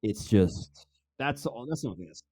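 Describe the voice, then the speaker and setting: A man's voice: medium pitch, animated, brisk, warm tone, no room sound, clean studio sound. A man with a Midwestern American accent, co-hosting a casual podcast chat in a laid-back, bantering way. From Kansas City area, USA. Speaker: podcast co-host.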